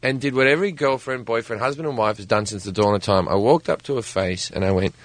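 Animated Australian man telling a funny story. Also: mid-range voice, a little fast, hardly any pauses, dry recording. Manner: animated, acts out voices. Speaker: comedian guest. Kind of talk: comedic storytelling on a talk show.

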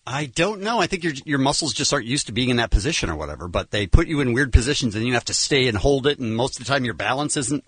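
A man co-hosting morning radio, speaking casually and quickly. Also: mid-range voice, lively intonation, slightly rough, no room sound. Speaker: radio co-host.

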